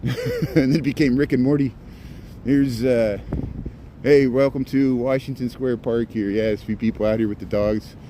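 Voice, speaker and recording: A man's voice: medium pitch, steady tone, normal speed, dark tone. Man in the middle range, walking outdoors and rambling to his live-stream chat on a phone mic, with light street noise behind him. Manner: rambling, chatty, reads out viewer comments. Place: outdoors on city streets at evening.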